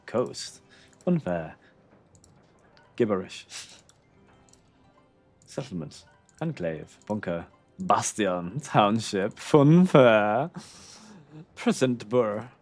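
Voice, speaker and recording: A man's voice: fairly low pitch, animated, very slow, long pauses, faint music behind. A young man from the United Kingdom streaming a game, muttering casually to himself in a dry, laid-back way. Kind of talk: casual gaming stream chat.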